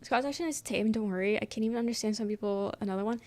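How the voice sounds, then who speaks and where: A woman's voice: mid-range voice, racing, darkish tone. A young adult woman streaming and chatting casually with her viewers, reading their messages aloud and rambling with lots of "um" and "like" and casual swearing. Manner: rambling, filler-heavy, swears casually, frequent "um".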